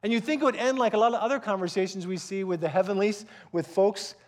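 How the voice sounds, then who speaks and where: A man's voice: high-pitched, fairly even intonation, quick pace. A man in his fifties, a pastor giving a conversational, earnest sermon with frequent restarts.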